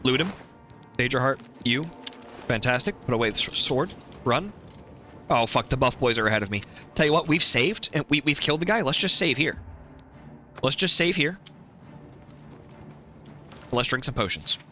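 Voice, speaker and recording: A man's voice: mid-range voice, animated, brisk, pushed and bright, soft background music. A man streaming a video game, commenting live and pleading and swearing at the characters on screen.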